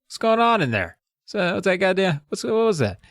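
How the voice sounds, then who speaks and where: A man's voice: high-pitched, sing-song, brisk, a bit bright, no room sound, studio quality. A man co-hosting a podcast, recapping a book in chatty, wry casual talk. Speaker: podcast co-host.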